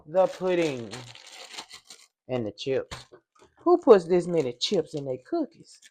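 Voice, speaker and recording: Older woman, home cooking vlog, low voice, chatty, hums, calls viewers y'all. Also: wildly swooping pitch, moderate pace. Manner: loud at times, apologizes for yelling into the mic. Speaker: home baking vlogger. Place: home kitchen. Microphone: microphone.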